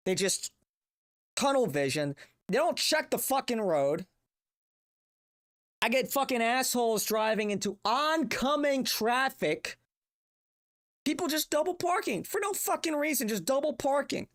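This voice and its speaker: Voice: high voice, big pitch swings, a little slow, long pauses. A young adult streamer ranting casually, profane, exasperated and rambling. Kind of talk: casual livestream rant.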